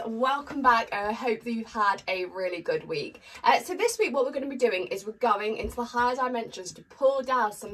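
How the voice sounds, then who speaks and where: Chatty higher-voiced woman reading tarot. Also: a bit bright. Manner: chatty, upbeat, with frequent ums. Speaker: tarot reader. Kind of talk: casual tarot reading to camera. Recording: distant mic with faint noise.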